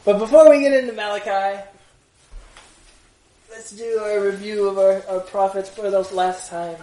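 A man's voice: high voice, fairly even intonation, normal speed, mellow. A man teaching a casual Bible class, quizzing students with jokes. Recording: echoey room with faint noise.

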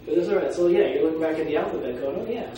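A man teaching a Greek class, explaining pronunciation and sounding out words slowly. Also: fairly high pitch, mellow. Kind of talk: classroom lecture. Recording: echoey room from far off, faint noise.

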